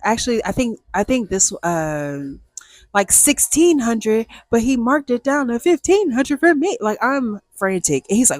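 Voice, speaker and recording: A woman telling a casual storytime vlog with animated, oversharing delivery and playful spoken sound effects. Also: on the high side, unhurried, dry recording, studio quality. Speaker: storyteller host.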